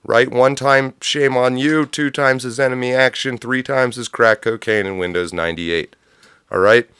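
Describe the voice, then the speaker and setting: Sardonic, profane livestream host. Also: male voice, medium pitch, steady tone, normal speed, fairly bright tone, clean tone, no echo, clean studio sound. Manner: rambling absurd tangents. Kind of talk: comedic political commentary.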